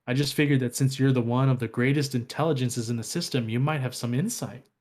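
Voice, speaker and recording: A man's voice: mid-range voice, fast, a little mellow, natural voice. A man voicing a small, curious robot companion in an earnest, questioning way while reading lore.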